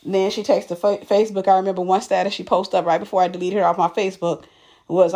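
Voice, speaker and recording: A woman's voice: mid-range voice, flat delivery, quick pace, warm tone. A woman telling a personal story straight to the camera in a casual, emphatic way, often restarting and repeating words. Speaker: vlogger.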